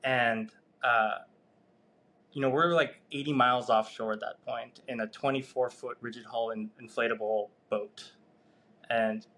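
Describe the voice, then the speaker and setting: A man telling a story as a podcast guest, animated, swearing and laughing as he goes. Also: mid-range voice. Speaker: guest researcher. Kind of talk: casual storytelling in a podcast interview.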